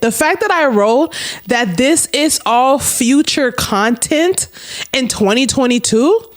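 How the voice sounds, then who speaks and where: A woman's voice: a little high, lively intonation, measured pace. A woman telling a storytime to her camera, candid and blunt, swearing freely and talking straight to her viewers. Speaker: storytime vlogger.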